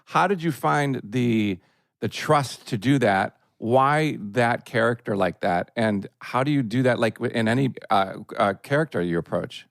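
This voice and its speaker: A man co-hosting a podcast, asking rambling questions that slow and trail off as he thinks. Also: mid-range voice, no echo, clean studio sound. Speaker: podcast co-host. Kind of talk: casual chat, interviewing.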